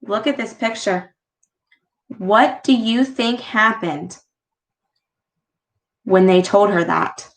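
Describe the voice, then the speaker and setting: A woman with a mid-range voice reads a picture book aloud to her child, gently pausing to ask questions about the pictures.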